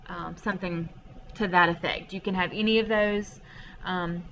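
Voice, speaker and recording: A woman's voice: medium pitch, unhurried, a bit bright, muffled recording, slight background noise. A woman teaching French vocabulary from home, explaining patiently step by step with frequent ums. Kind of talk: recorded classroom lesson over a screen share.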